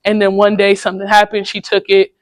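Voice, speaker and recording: A young woman giving a candid, casual personal talk to high school students in a classroom, telling stories in slangy everyday speech. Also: monotone, fast talker, dry recording. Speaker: guest speaker at a high school.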